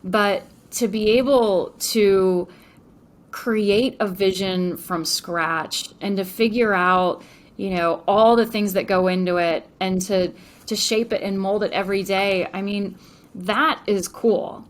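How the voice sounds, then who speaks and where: Woman guest on a business podcast, mid-pitched, eager and animated in tone, lots of "you know". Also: takes it slowly. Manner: enthusiastic, frequent fillers. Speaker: entrepreneur guest. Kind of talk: podcast interview.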